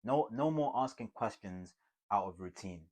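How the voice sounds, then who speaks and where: A man teaching communication skills to camera in an emphatic, motivational way, swinging between loud bursts and hushed asides. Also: lowish voice, expressive, moderate pace. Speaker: communication coach.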